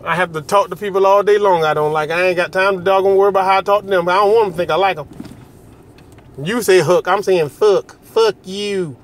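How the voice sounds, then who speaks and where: High-voiced joking man with drawl. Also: steady tone, fast. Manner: loose, joking, repeats phrases, laughs often, swears. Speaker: vlogger. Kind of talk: casual direct-to-camera monologue.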